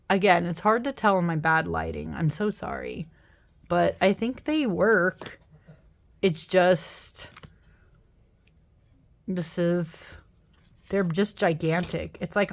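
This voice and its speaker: A young woman chatting casually through a flip-through of tarot and oracle decks, tired after work, rambling, laughing and apologizing as she goes. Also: fairly low pitch. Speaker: tarot deck reviewer.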